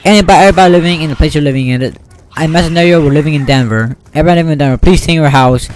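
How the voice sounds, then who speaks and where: A man's voice: a little high, darkish tone, a little hiss or hum, lightly acted. A young man voicing an emergency broadcast announcer hurrying through warnings. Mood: urgent. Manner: rushed, warning.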